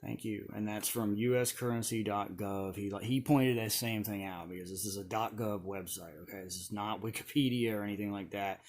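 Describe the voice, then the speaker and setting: A man's voice: lowish voice, fairly even intonation, normal speed, few pauses. A man talking casually on a home vlog, rambling with conspiratorial asides and frequent chuckles, filmed on a camera on a stand. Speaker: video creator. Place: indoors at home.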